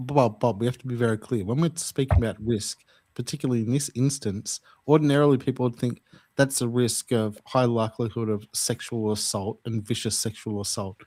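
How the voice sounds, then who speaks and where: A man with an Australian accent hosting a podcast, measured and storytelling as he steers the conversation. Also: medium pitch, fairly even intonation, dark tone, no room sound. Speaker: podcast host. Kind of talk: casual chat.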